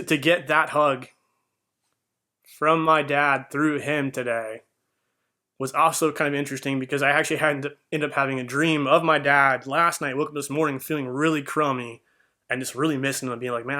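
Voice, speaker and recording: A man's voice: medium pitch, steady tone, moderate pace, sharp tone. A young man telling a heartfelt personal story in an earnest, rambling way, with fillers and restarts. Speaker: vlogger.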